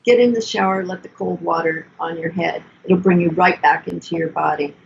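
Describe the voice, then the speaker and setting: Older woman therapist, calm and soothing, slightly gravelly, dull lo-fi recording. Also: on the low side, normal speed, slight background noise. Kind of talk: conversational teaching.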